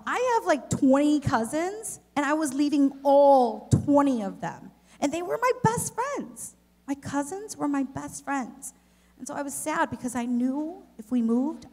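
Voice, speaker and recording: Woman, children's director, slow and higher-pitched, expressive storyteller addressing kids in church. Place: church service, in front of a congregation.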